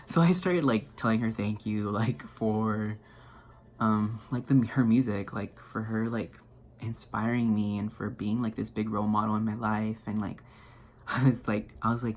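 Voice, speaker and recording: A young man telling a story to his viewers in an excited, rambling way, full of fillers and restarts. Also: on the low side. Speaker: vlogger. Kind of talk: casual storytelling to camera.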